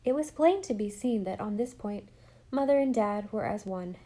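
A woman narrating a storybook audiobook in a measured, even way. Her voice is mellow and dark, with an average pitch for a woman.

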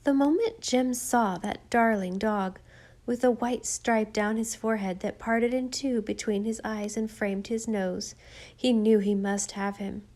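A woman narrating a children's story in a gentle, even storytelling voice. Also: fairly high pitch, unhurried. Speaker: audiobook narrator.

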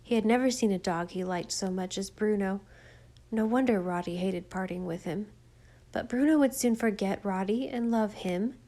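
A woman narrating a children's story in a gentle, even storytelling voice. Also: medium pitch, moderate pace. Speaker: audiobook narrator.

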